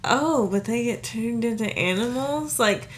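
A woman co-hosting a podcast in casual chat, animated and swearing casually as she replays her own reactions. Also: fairly high pitch, measured pace. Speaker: podcast co-host.

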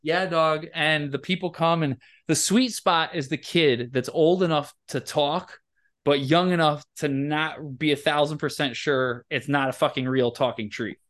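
A fairly high-voiced man tells rambling stories in a loose, casual podcast chat. He swears freely and keeps an animated, joking energy. The delivery is conversational and easygoing. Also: unhurried. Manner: profane, animated storyteller. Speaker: podcast host.

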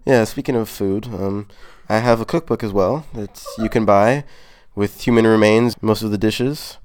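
A man playing a boastful adult male serial killer in an improvised comedy interview, bragging in a nonchalant deadpan way. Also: on the low side, normal speed, close to an everyday voice.

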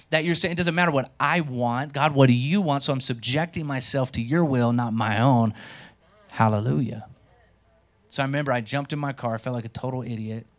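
A young adult pastor with a mid-range voice preaches a sermon built around a personal story. He acts out dialogue and swings between quiet asides and loud bursts.

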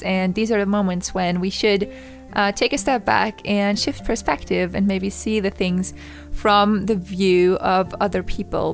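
Reflective young woman from Austria. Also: mid-range voice. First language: German. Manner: reflective, gently chatty, laughs between thoughts. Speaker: podcast host. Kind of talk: solo podcast monologue.

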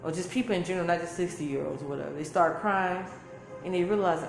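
A woman's voice: fairly low pitch, fairly quick, vocal fry. A woman, giving an emphatic, preachy spiritual talk full of repeated phrases. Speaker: spiritual teacher. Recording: echoey room with faint music.

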